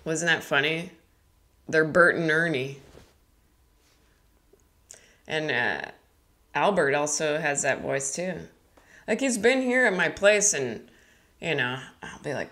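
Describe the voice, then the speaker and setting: A woman's voice: low-pitched, lively intonation, unhurried, long pauses, a bit bright. A woman in her thirties, a comedian, chatting casually on a live stream in a rambling, self-deprecating, giggly way. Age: 30s.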